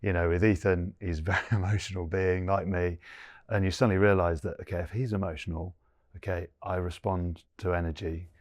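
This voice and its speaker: Low-voiced man, earnest and reflective. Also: fairly even intonation, fairly quick, dry recording. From England. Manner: earnest, thinks aloud, many "you know" fillers. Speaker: guest, former rugby player. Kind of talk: reflective interview conversation.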